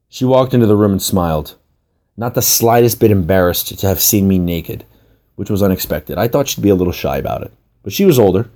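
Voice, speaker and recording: A man with a lowish, mellow voice narrating a comic personal story. He tells it in a wry, self-mocking way, leaning into the embarrassment. Relaxed, warm storytelling delivery.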